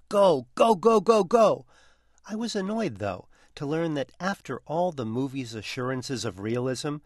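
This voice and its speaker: A man reading a scripted film review in a wry, measured way. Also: fairly high pitch, no room sound, clean studio sound. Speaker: film critic.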